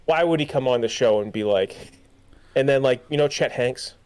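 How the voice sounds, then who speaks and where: A young man with a smooth, resonant voice at a middling pitch, chatting loosely as a podcast co-host. He rambles, starts sentences over and leans on fillers as he goes. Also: moderate pace, a little mellow. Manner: rambling, full of fillers and restarts. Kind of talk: casual chat.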